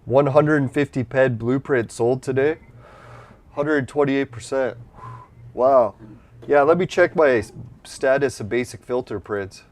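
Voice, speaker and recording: A man's voice: medium pitch, a little slow, darkish tone. Profane, rambling male gamer. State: runny nose from allergies. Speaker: gameplay streamer. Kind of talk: casual gameplay commentary.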